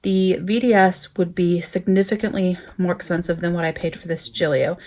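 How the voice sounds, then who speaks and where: A woman's voice: on the low side, steady tone, normal speed, darkish tone. A woman vlogger chatting casually to her viewers, talkative and often doubling words for emphasis. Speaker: planner vlogger. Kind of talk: casual chat to camera.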